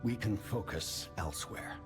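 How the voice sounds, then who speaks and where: An actor playing an elderly, formal father figure in video game dialogue, speaking in a measured way. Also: lowish voice, soft background music, close to an everyday voice. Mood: calm.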